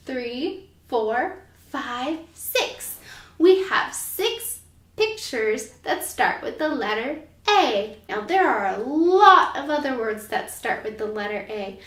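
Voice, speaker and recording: A woman teaching young children letter sounds, speaking in a slow, sing-song, encouraging way. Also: high-pitched, fairly bright tone. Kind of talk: children's phonics lesson. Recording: echoey room, mic at a distance.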